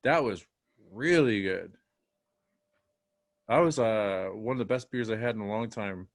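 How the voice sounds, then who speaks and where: Casual male podcast co-host, rambling storyteller, slightly low voice, dry room. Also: unhurried, dry recording. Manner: rambling storyteller, chatty fillers. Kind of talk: casual chat.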